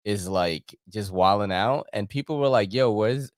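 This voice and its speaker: A man's voice: on the low side, normal speed, no echo, clean studio sound. A man co-hosting a podcast in casual, slangy chat, often laughing. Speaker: podcast co-host.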